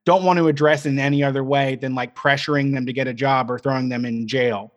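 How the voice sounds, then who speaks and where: A man co-hosting a casual livestream talk show, sardonic and animated. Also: mid-range voice, a little fast, highs cut off. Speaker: podcast co-host.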